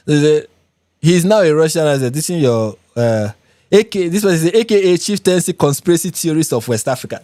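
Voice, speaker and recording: Animated Nigerian man hosting a livestream. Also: a little high, fairly quick, dry recording, studio quality. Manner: emphatic and animated, repeating phrases for effect. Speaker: livestream host. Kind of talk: live reaction commentary reading viewer comments.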